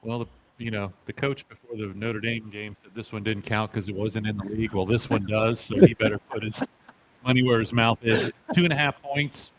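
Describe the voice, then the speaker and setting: A man co-hosting a casual football picks show, soft-spoken and hesitant, trailing off between thoughts. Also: fairly low pitch, fairly even intonation, a little fast, a little hiss or hum, low-quality recording. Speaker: show co-host. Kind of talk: casual sports betting chat.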